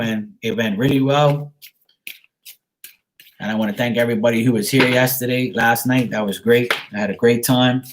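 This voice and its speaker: A man's voice: medium pitch, a little hiss or hum. A man giving a live-streamed tarot card reading, talking frankly and greeting his viewers by name.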